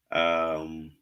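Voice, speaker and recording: A man with a rumbling low voice, smooth but pushed and bright, hosts a casual livestream. He chats directly with viewers, jokingly teases them by repeating words, and leans heavily on "y'all."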